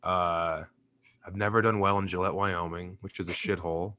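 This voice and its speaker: Lowish-voiced man telling stand-up stories. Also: steady tone, normal speed, pushed and bright, no room sound. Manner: storytelling, laughs often, mimics voices in anecdotes. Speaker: stand-up comedian, guest. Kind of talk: casual interview chat.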